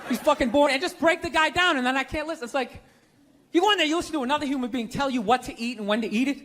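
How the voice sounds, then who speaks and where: Man, stand-up comedian, sarcastic rant, heavy swearing, high voice, roaring audience laughter, noisy live room. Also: rapid-fire. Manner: profane, sarcastic ranting; animated, punchy delivery. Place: large stage before a live audience. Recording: live show, loud crowd laughter.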